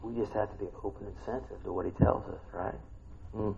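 A middle-aged male pastor preaching a sermon, tired, animated, swinging from quiet talk to shouting. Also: fairly low pitch, fast, vocal fry, breathy edge. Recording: dull lo-fi recording.

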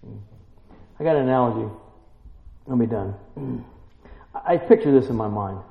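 A man's voice: medium pitch, moderate pace, gravelly. Man, pastor, sermon, emphatic rhetorical questions, roomy church, muffled recording. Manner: emphatic, asks many rhetorical questions, builds to excited peaks. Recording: roomy church, dull lo-fi sound.

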